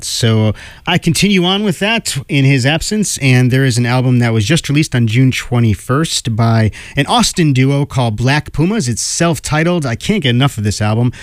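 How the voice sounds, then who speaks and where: A man hosting a radio music show, a little hoarse, chatting enthusiastically between songs. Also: medium pitch, no room sound. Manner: enthusiastic, conversational. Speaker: radio host.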